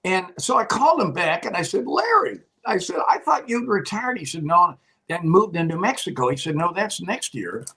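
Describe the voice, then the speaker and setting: An older man with a slightly husky, somewhat high voice spins anecdotes in a relaxed chat. His pitch swings a lot as he acts out the stories, and he often laughs along with them. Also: fairly quick, rough recording. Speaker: guest, retired TV meteorologist. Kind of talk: casual storytelling chat.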